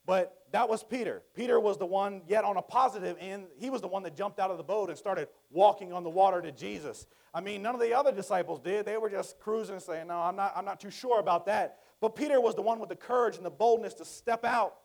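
A man preaching a sermon in a conversational way, swinging from hushed, quiet lines to loud, emphatic ones. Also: high-pitched, a little fast, gravelly, hardly any pauses.

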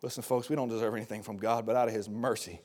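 A man preaching a sermon to a congregation, dropping to a hush and rising to shouts, repeating phrases for emphasis. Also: on the low side, fairly even intonation, rapid-fire.

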